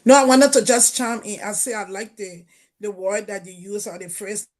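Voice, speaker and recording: A woman's voice: mid-range voice, normal speed, a little mellow. Firm Liberian woman on a choppy call. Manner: firm, emphatic storytelling. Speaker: panelist. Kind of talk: livestream panel discussion. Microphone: remote call connection cutting in and out.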